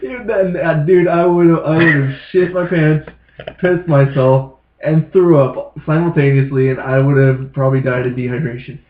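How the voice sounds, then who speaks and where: A man's voice: fairly high pitch, moderate pace. A man co-hosting a podcast, telling stories casually with lots of swearing. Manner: profane, animated storyteller. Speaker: podcast co-host. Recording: echoey, phone-like lo-fi sound.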